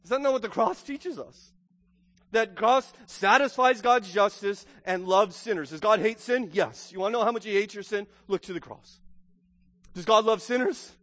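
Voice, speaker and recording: A man's voice: high voice, fairly bright tone. A man preaching a sermon as pastor, earnest, repeating words and building to emphatic questions. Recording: long hall reverb.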